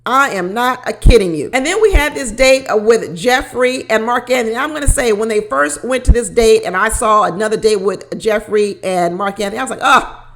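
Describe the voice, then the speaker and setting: Female host, casual recap commentary; animated, frequent laughter, slightly high voice. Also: fairly quick, few pauses. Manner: animated, laughs often, repeats phrases. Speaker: reality show recap host.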